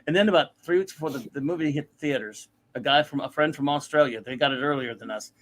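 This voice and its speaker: A man's voice: fairly high pitch, fast talker, a bit bright. A man hosting a casual pop-culture chat, ranting animatedly and mocking other people's voices. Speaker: podcast host.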